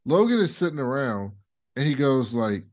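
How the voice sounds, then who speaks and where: A man co-hosting a casual TV recap chat, animated and laughing often as he acts out characters' lines. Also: medium pitch, normal speed. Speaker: podcast co-host.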